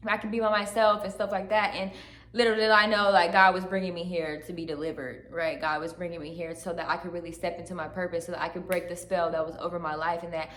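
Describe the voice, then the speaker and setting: A woman's voice: fairly low pitch, level tone, fast talker, fairly bright tone. A woman telling her religious testimony to the camera, earnest and searching, often tagging her sentences with "right?". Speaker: channel host giving testimony. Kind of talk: emotional personal testimony to camera. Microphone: camera facing her. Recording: echoey room.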